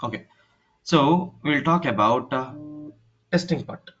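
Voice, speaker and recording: A man teaching an online class, talking haltingly with many fillers and restarts over a video call. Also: medium pitch, a bit bright, slightly rough. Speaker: instructor. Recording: dull lo-fi call audio.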